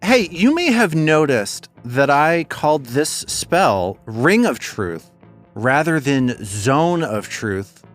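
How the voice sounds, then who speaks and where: A man narrating as game master of a tabletop game, lively and chatty. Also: a little high, takes it slowly, soft background music. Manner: lively, animated storytelling.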